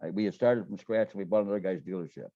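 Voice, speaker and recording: A low-pitched man talks very fast as a guest in a casual storytelling interview, sharing business stories in a folksy way, often repeating words and acting out what people said. The sound is phone-quality, with no room sound.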